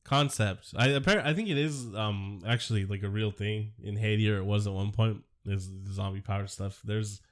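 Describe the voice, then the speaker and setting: A man's voice: lowish voice, moderate pace, few pauses. A man co-hosting a podcast in casual chat, rambling and swearing, laughing often, sick with a cough. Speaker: podcast co-host.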